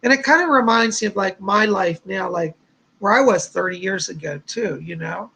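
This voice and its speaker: A man's voice: high-pitched, moderate pace, creaky, pushed and bright, breathy edge, rough recording. A man, hosting a psychic livestream in a rambling, chatty way with lots of fillers. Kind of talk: casual livestream chat.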